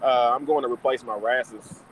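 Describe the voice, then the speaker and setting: A relaxed man chats casually on a group call, often restarting and repeating phrases as he thinks aloud. His voice sits at an ordinary middle pitch. Faint vehicle noise runs underneath. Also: normal speed, low-quality recording. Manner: laid-back, repeats himself while thinking. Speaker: reef hobbyist, chat participant.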